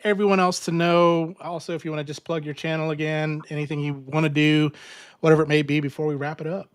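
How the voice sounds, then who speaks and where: Man, co-host, casual chat, laid-back, stammers, fairly high voice. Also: flat delivery, fast talker, clear, resonant tone. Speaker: podcast co-host.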